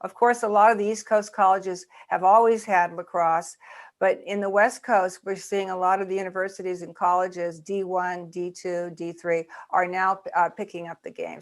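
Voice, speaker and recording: A woman documentary filmmaker telling an animated story in a video-call interview. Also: normal speed. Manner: lively storyteller, voices raise high when acting out quotes.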